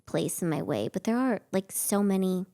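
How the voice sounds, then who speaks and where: A guest actress in her thirties rambles through stories in casual chat, packing them with fillers like "like." Her lowish voice is gravelly and dark in tone, very animated, at a moderate pace.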